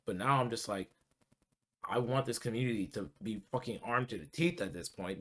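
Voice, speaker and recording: A man's voice: mid-range voice, a bit bright. A man ranting casually about politics in an agitated, profane way, full of ums and restarts. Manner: heated, profane, many fillers and restarts. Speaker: political commentary vlogger.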